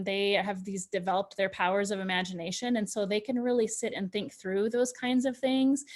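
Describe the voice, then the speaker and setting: A woman presenting a parenting workshop in a loose, chatty way, with lots of "you know" and restarts. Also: medium pitch. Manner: chatty, full of fillers and restarts. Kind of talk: informal talk to parents.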